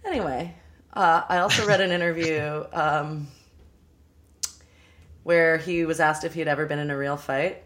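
Young woman with a low voice, chatty and animated, laughing a lot about a movie. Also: normal speed, pauses often, a little hiss or hum. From Los Angeles area, US. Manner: animated, laughs often, quotes people in voices. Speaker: podcast co-host. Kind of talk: casual chat about a film.

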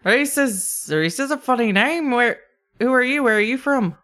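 A man's voice: very high-pitched, expressive, racing, voice pushed up. A man doing a stammering, nervous kobold. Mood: nervous wheedling. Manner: stammering, pleading. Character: wary male kobold scavenger, nervous and wheedling.

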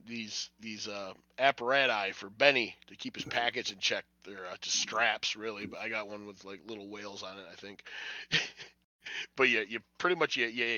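A man's voice: medium pitch, bright, forceful tone, no room sound. A man hosting a casual podcast from home, rambling, swearing and laughing as he talks. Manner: rambling, profane, laughs often. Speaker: podcast host. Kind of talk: casual chat. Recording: dull lo-fi audio.

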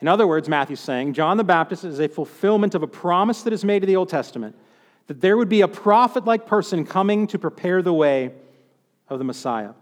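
A man's voice: high voice, expressive, brisk, long reverb tail. A man preaching a sermon in a conversational, humorous way, acting out quotes as he goes. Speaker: pastor.

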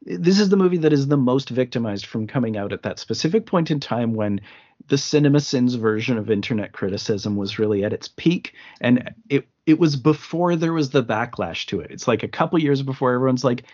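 Guy rambling through a movie chat, lots of restarts, mid pitch, kinda muffled lo-fi audio. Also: expressive, brisk, a little mellow. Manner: rambling, frequent restarts and fillers. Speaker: podcast co-host. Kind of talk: casual film discussion. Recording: slightly muffled lo-fi podcast audio.

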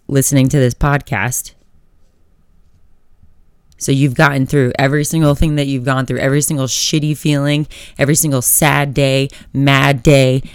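Young woman podcasting solo, swears a lot, motivational, smooth voice and dry sound. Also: rumbling low, darkish tone, dry recording. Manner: candid, swears freely, motivational. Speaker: podcast host. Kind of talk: casual solo podcast talk.

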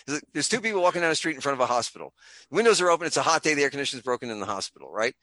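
Loud, rambling storyteller man. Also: mid-range voice, expressive, racing, no echo. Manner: loud, rambling, theatrical joker. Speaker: comic creator and guest. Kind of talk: animated storytelling and joke telling.

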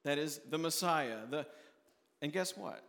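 A man's voice: lively intonation, unhurried, creaky, fairly bright tone, big-room sound. A man preaching a sermon as pastor, earnest and conversational, often restarting his phrases. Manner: earnest, restarts often, voices quoted questioners in a raised pitch.

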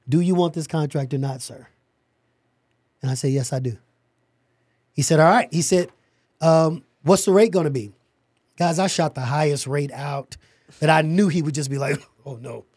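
A middle-aged man, a podcast guest, telling an animated story about starting his company and acting out the dialogue. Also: fairly high pitch, moderate pace, pauses often, no echo, clean studio sound.

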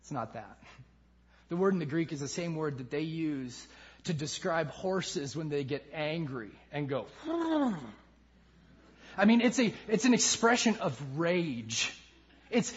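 High-voiced impassioned male preacher. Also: very animated, unhurried, lo-fi sound. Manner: impassioned preaching, swinging between loud emphasis and hushed lines. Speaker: pastor. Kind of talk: sermon.

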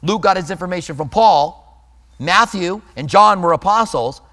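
Guy preaching a sermon, high voice, stretches out big words, lots of hall echo. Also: animated, pushed and bright. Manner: earnest preaching with emphatic slow stresses and scripture readings. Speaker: pastor.

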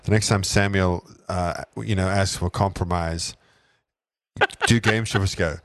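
A man's voice: low voice, steady tone, measured pace, a bit bright, no echo, studio quality. A man co-hosting a casual parenting podcast, teasing his co-hosts with joking banter. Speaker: podcast co-host.

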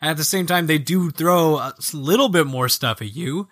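A man co-hosting a podcast, chatting casually about video games in a jokey, animated way and acting out lines from the game. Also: on the high side, normal speed. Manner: animated, jokey, acts out quoted game characters. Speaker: podcast co-host.

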